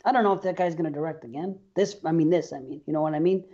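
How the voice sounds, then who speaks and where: A man's voice: fairly high pitch, racing, warm tone, muffled recording. A man co-hosting a horror podcast in casual chat, rambling, swearing and trailing off mid-thought. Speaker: podcast co-host.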